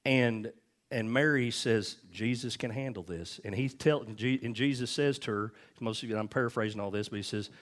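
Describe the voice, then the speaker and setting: A man's voice: medium pitch, normal speed. A man preaching a sermon, telling personal stories and asking the congregation "amen?" and "okay?" as he goes. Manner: conversational preaching, frequent "amen?" and "okay?" asides, storytelling. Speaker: pastor.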